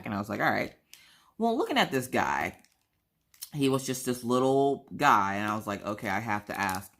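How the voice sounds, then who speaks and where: A woman from South Carolina with a bass voice and mixed Southern accent tells a story at a moderate pace. The craft vlogger keeps it casual and animated, acting out the other characters as she goes.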